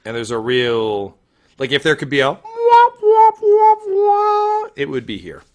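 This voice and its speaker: Bright, animated male game master narrating. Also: mid-range voice, fairly quick. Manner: lively, animated, loose with fillers.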